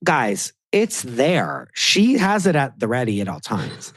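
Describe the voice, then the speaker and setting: A man, a television producer, chatting as a podcast guest in a quick, swearing, lively way with lots of quoted asides. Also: medium pitch, breathy edge, no room sound, clean studio sound. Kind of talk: casual chat.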